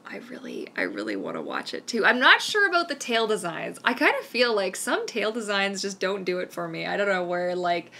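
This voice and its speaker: A woman's voice: medium pitch, big pitch swings, brisk, creaky, few pauses, pushed and bright. A Canadian woman hosting a live-stream Q&A, chatting in a rambling, enthusiastic way. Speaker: mermaid vlogger hosting a live Q&A. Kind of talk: casual live-stream chat.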